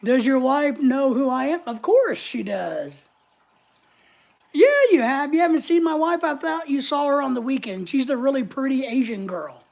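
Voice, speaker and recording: A man's voice: extremely high pitch, lively intonation, moderate pace, creaky, darkish tone. A man hosting a casual live stream from home, joking with viewers and greeting them by name as he reads their comments.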